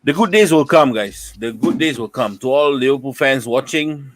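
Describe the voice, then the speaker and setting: A man with a Malaysian accent hosting a casual football fan review, chatty and upbeat with many pauses. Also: medium pitch. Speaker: football fan show host.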